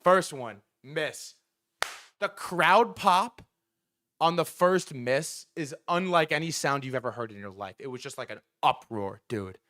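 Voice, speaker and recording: A young man hosting a livestream, telling a story in an excited, rambling way, his voice a bit sore from screaming. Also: fairly high pitch, measured pace. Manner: breathless, rambling, lots of "bro" and restarts. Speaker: livestream host.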